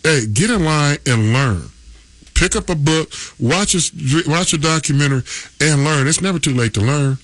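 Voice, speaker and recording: A man's voice: fairly high pitch, lively intonation, moderate pace, no echo. A man in his fifties, a former football player, telling stories casually on a sports radio show, rambling with fillers and chuckling often.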